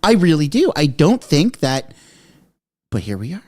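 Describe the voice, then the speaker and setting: A man reacting live to breaking news from his basement, excitable and out of breath, yelling one moment and muttering the next. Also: a little high, moderate pace. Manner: excitable, shouting, swinging from frantic to muttering. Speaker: political commentary streamer. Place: home basement.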